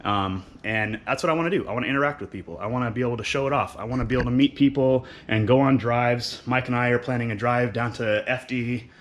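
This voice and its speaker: A man's voice: medium pitch, quick pace, few pauses, slight background noise. A young man giving a casual, rambling walkthrough of his engine in his home garage, with plenty of ums. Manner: relaxed, rambling with many ums. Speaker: car builder showing his engine.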